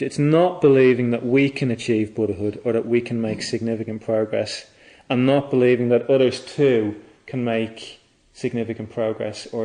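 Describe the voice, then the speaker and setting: A man giving a Buddhist dharma talk, reflective and halting, often restarting his phrases. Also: mid-range voice, a little mellow. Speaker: Buddhist teacher.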